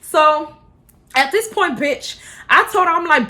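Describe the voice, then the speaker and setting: A woman's voice: sits high, lively intonation, measured pace, pushed and bright. A woman in her twenties from Houston, telling a heated, profane storytime on her vlog, recorded on a phone camera. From Houston, Texas. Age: 20s. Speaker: vlogger.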